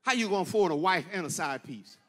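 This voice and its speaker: A male pastor preaching a sermon, telling stories and rising into shouted, sing-song peaks. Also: high voice, lively intonation, fast talker. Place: church sanctuary. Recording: echoey church hall.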